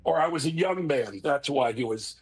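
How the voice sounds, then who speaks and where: Emotional, animated middle-aged man. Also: fairly high pitch, moderate pace, husky. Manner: emotional, expressive, tearful at times. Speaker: guest. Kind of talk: casual chat.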